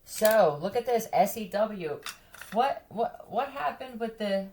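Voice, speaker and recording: A woman's voice: mid-range voice, expressive, slow, darkish tone, slight background noise. A woman chatting casually with her viewers, blunt and profane, often breaking into laughter. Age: adult who has a son.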